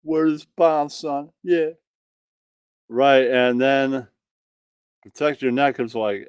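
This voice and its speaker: A man's voice: mid-range voice, steady tone, slow pace, long pauses, clean tone, dry recording, rough recording. A man from Brooklyn hosting a livestream, joking in a goofy way and repeating catchphrases. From Brooklyn, New York, USA. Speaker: livestream show host. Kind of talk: casual comedic monologue.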